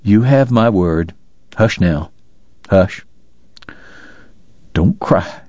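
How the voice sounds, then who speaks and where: A man voicing a weary, gentle dying Southern gentleman who talks softly and low. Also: very animated, slow, creaky, no room sound, highs cut off, exaggerated voice. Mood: tender. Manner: soft, low and hushed.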